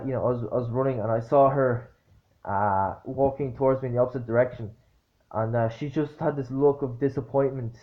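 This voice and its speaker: Speaking straight to the camera, a vlogger tells a casual anecdote in a loose, halting way, stumbling over fillers and restarts. He's blunt, swears easily and has an exasperated edge. His voice sits at an ordinary pitch, and the recording sounds dull and lo-fi.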